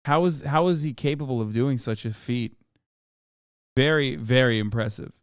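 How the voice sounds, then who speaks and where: A man in his thirties giving casual, profane reaction commentary as a streamer, animated and swearing, building into loud excited rants. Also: mid-range voice, moderate pace, clean tone, no room sound, clean studio sound.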